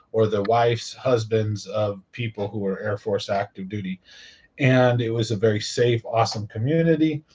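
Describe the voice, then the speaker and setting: A man's voice: medium pitch, darkish tone. Middle-aged male host, rambling casual monologue, muffled lo-fi recording. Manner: rambling, filler-heavy, repeats "right?".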